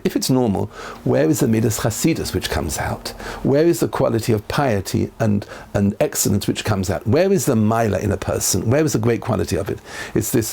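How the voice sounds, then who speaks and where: A rabbi gives a Torah class, lecturing earnestly in a gravelly, somewhat mellow, slightly rough voice. His pitch rises whenever he quotes verses.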